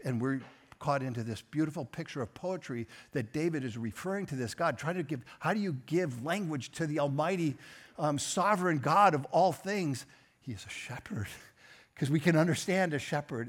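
A man preaching a sermon, earnest and personal, rising and swelling on key phrases and dropping soft at the ends of lines. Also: fairly high pitch. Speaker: pastor.

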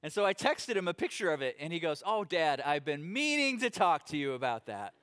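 Animated, high-voiced man preaching. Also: fairly quick, clean tone. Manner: conversational, animated storytelling with acted quotes. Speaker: pastor. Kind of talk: sermon.

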